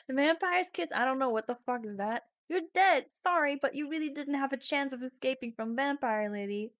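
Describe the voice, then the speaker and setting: A woman's voice: high-pitched, brisk, hardly any pauses, no echo, studio quality. A woman streaming a text adventure game, reading the story aloud with casual swearing and sudden drops into whispers.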